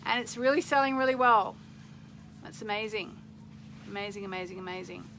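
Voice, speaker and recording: A woman's voice: medium pitch, fairly quick, a bit bright, a little hiss or hum, low-quality recording. A middle-aged woman hosting a casual live stream, chatting in a rambling way and reading out viewer comments.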